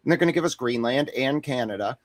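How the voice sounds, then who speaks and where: A man's voice: mid-range voice, expressive, quick pace, no echo. Profane, boastful man joking on a dry mic. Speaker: guest on a boxing talk stream. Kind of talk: casual livestream banter.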